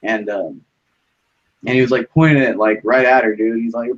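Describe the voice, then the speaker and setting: A man's voice: medium pitch, steady tone, moderate pace, highs cut off. A young man rambling through a story in casual chat, full of fillers and swearing.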